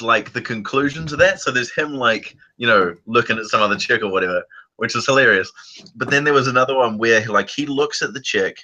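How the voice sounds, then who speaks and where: Very bright-voiced man rambling fast. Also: mid-range voice, low-quality recording. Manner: rambling, restarts sentences, laughs while talking. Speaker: channel host. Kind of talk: casual chat.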